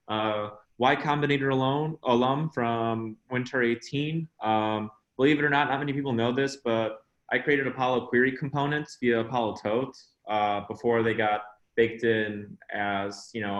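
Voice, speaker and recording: A man's voice: mid-range voice, a bit bright, echoey room, low-quality recording. A man giving a casual tech talk at an online meetup over a video call, chatty and rambling. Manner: chatty and rambling, lots of "you know" and "uh". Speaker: guest speaker at online meetup.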